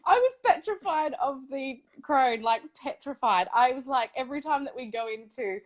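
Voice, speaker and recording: A woman hosting a casual interview series, effusive and animated, often laughing mid-sentence. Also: high-pitched, moderate pace.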